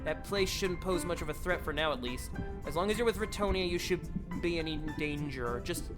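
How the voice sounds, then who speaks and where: A man reading a visual novel aloud, voicing a calm older male researcher who gives measured warnings. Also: a little high, music in the background, close to an everyday voice. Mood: grave.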